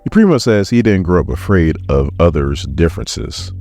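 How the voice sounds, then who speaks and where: A man's voice: deep voice, big pitch swings, moderate pace, hardly any pauses, warm tone, a little hiss or hum. A man hosting a casual comic book recap vlog, chatty and jokey, acting out the characters' lines as he goes. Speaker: comic book reviewer and channel host.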